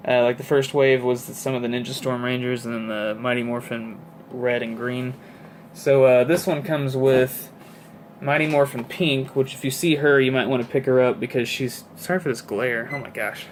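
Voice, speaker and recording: A man's voice: medium pitch, flat delivery, normal speed, a little hiss or hum. A man of twenty-eight chatting casually about his toy collection, rambling with many fillers and asides. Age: 20s. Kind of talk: casual chat.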